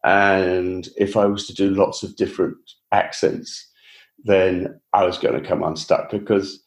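A man's voice: sits low, flat delivery, a little slow. A man with a Received Pronunciation English accent, a guest author telling his story in a chatty, self-deprecating way during a casual interview. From England.

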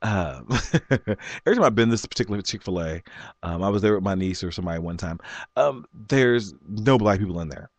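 A man in his forties telling a story in an animated rant, laughing often and jumping up high when he quotes people. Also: brisk, dry recording. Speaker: vlogger.

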